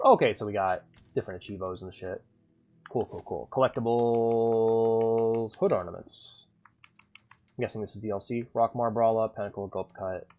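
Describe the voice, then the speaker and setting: A man streaming a video game, commentating casually and excitably, swearing often and reading game text aloud. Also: fairly low pitch, gravelly.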